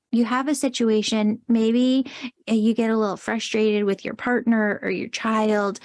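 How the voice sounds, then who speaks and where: A woman's voice: a little high, a little mellow, no room sound. A woman hosting a podcast interview, upbeat and enthusiastic in her questions. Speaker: podcast host.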